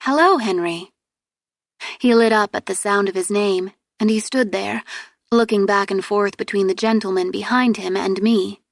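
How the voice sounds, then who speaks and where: A woman narrates a novel in the first person, clear and steady in her storytelling. Her mid-range voice sits close and dry with no room around it. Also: mid-range voice, moderate pace, no room sound. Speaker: audiobook narrator.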